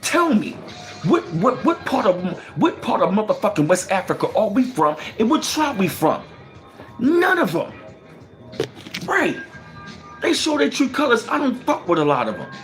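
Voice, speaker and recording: A man's voice: high-pitched, huge pitch swings, moderate pace, a bit bright, soft background music. A man hosting a heated livestream, profane and emphatic, firing off rhetorical questions and reading out viewer comments. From United States. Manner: reads out viewer chat comments. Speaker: livestream host.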